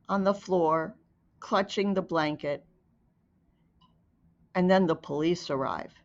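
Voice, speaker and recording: A woman telling a story slowly and earnestly, then making an appeal to listeners. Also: medium pitch. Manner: slow, deliberate, earnest. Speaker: advocate narrator. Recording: dull lo-fi recording.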